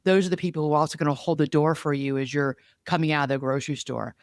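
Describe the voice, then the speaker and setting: A man's voice: fairly high pitch, fairly even intonation, fast, hardly any pauses, no room sound, clean studio sound. A man co-hosting a casual conversational chat, earnest and rambling, often restarting his sentences. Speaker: podcast co-host.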